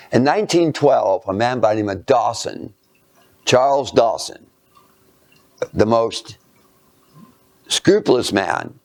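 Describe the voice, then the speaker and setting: A man lecturing through a personal anecdote, halting and self-mocking, dropping into hushed asides. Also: mid-range voice, no echo.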